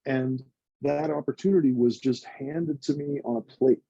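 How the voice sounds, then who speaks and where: Husky dark-voiced guy in his 40s, earnest and chatty, dry muffled sound. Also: mid-range voice, moderate pace, no room sound. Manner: earnest, emotional, chatty with many "like" fillers. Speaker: nonprofit co-founder guest. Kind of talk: reflective conversational storytelling.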